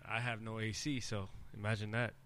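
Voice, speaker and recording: Man, 40s, New York accent, podcast co-host, forceful bright voice, teasing trash talk. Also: lowish voice, level tone, fairly quick. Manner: teasing, trash-talking and laughing. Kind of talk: casual chat.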